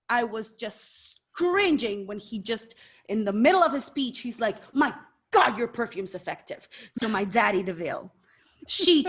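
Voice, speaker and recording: Lively chatty woman co-host. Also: on the high side. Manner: animated, playful, swings into mock voices. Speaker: podcast co-host. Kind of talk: casual chat.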